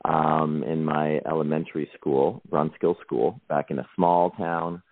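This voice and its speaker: A man's voice: a bass voice, steady tone, unhurried, no echo. A man from Canada, an actor calling in to a radio interview, easygoing and reflective. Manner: easygoing and reflective, with many fillers. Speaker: actor and guest. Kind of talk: interview answers. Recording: tinny phone line.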